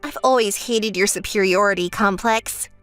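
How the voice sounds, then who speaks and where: Woman doing a weary older sister for a texting story, dry and dismissive, lower than the bride, soft music under a close read. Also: normal speed, dry recording, close to an everyday voice. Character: calm, fed-up older sister, young woman.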